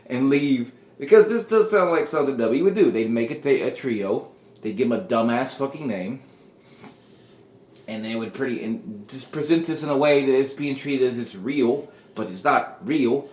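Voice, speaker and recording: A man, a video host, telling a story casually in an animated, rambling way. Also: medium pitch, moderate pace. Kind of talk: casual fantasy-booking storytelling. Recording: roomy echo.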